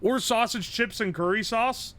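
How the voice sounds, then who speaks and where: A man streaming live, commenting on a game with blunt, profane, quick reactions. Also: very high-pitched, a bit bright.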